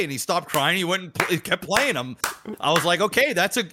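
A man in his thirties co-hosting a casual podcast, who tells stories with a lot of energy, swears, and jumps to a high voice when he quotes people. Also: brisk, background noise. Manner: animated storyteller, acts out quotes in a high voice, swears. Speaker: podcast co-host. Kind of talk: casual chat.

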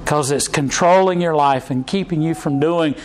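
A man preaches a sermon. He talks to the congregation like he is chatting, restarting his sentences often and filling pauses with "uh.". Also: a little high, a little hiss or hum, rough recording. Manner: conversational preaching with frequent restarts and fillers. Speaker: pastor.

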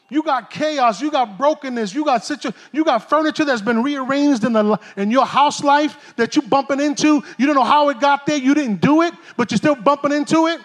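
High-voiced New pastor preaching. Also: male voice. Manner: animated, joking, streetwise preaching. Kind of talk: sermon. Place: church stage.

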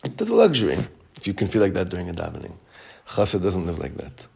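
Low-voiced rabbi teaching a class. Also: male voice, gravelly, slightly rough. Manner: reads Hebrew text fast, then explains it in relaxed English; chatty, with frequent restarts. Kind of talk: Torah class, explaining a text.

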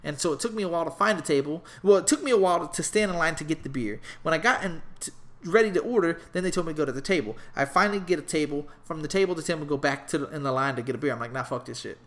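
A young adult man telling a comedic travel story in a casual, animated, profane and rambling way. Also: fairly high pitch, rapid-fire.

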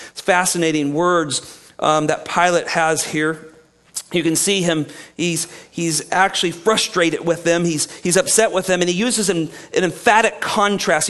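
High-voiced man preaching a sermon. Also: a bit bright. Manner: reads scripture aloud then explains it, asking the listeners questions. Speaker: pastor.

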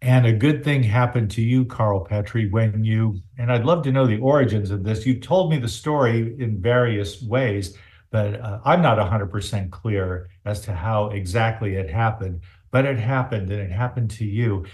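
A man hosting a podcast interview, asking long, winding questions in a slow, deliberate way. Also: on the low side, a little mellow. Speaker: podcast host.

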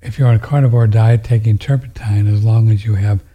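Man with a dark, husky voice. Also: fairly low pitch, steady tone, brisk. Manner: rambling, with frequent restarts and drops into near-whispers. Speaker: host answering viewer questions. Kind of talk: casual monologue.

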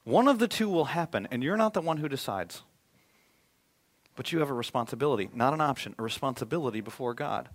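A male pastor preaching a sermon, swinging from loud emphatic appeals to a hushed, prayerful tone. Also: mid-range voice, animated, quick pace.

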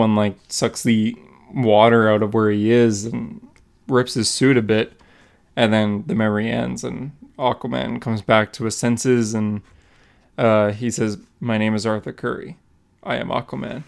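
Young dude w a bit of vocal fry, excited comic recap, does little voices. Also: male voice, lowish voice. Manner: animated recap, acting out quotes quickly. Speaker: podcast co-host. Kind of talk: casual comic book chat.

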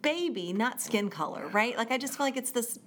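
A woman's voice: fairly high pitch, a little fast. A woman in casual podcast conversation who tells stories with energy and acts out the voices of the people in them. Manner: animated storyteller, acts out quoted voices. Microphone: studio microphone.

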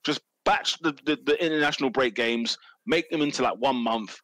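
A man in casual podcast chat, emphatic and jokey, ranting with animated opinions. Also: mid-range voice, a little fast, no room sound, poor audio. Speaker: podcast pundit.

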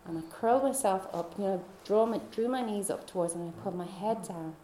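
A woman tells her personal faith testimony in a heartfelt, confiding manner. Her voice is mellow and dark in tone. The room around her is echoey. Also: mid-range voice, fairly quick, a little hiss or hum. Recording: roomy echo.

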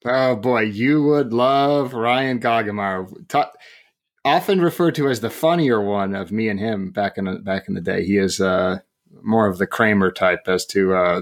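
A man with a fairly low voice co-hosts a sports podcast in relaxed chat. He rambles a little, jokes at his own expense and laughs often. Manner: chatty, laughing often, self-deprecating jokes. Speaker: podcast co-host. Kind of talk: casual chat.

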